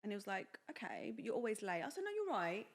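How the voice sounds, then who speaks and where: A woman's voice: medium pitch, fast talker. A young woman, chatting on a podcast as co-host and telling a personal story, acting out the voices of the people in it. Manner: chatty, animated, acts out quoted dialogue. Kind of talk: casual chat, personal storytelling.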